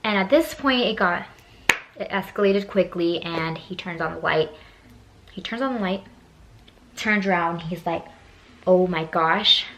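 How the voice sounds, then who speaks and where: A woman in her twenties telling a personal story on her vlog, animated, swearing freely and acting out both sides of the conversation. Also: lowish voice, normal speed, pauses often, slight background noise. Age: 20s. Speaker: beauty vlogger.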